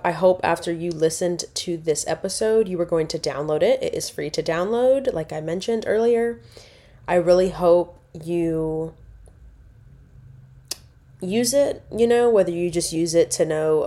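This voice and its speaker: Chatty woman with a mellow voice. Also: fairly low pitch, a little slow. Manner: rambling, chatty, self-correcting. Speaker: podcast host. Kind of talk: casual solo podcast talk.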